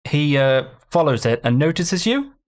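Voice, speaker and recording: A man running a tabletop game as game master, narrating haltingly and correcting himself often. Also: a little high, very animated.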